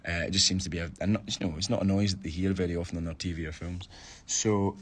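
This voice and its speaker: A man's voice: low-pitched, steady tone, quick pace, a little hiss or hum. A Scottish man, a stage actor, chatting casually on a phone live stream and answering fan questions, thinking aloud with restarts.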